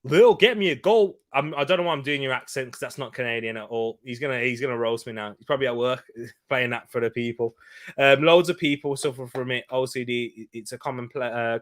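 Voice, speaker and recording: A young man hosting a live football watch-along, chatting loosely and rambling between match updates. His voice is bright and forceful and sits at a middle pitch. He jumps into quick excited bursts when the play heats up. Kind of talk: casual live-stream chat and match commentary.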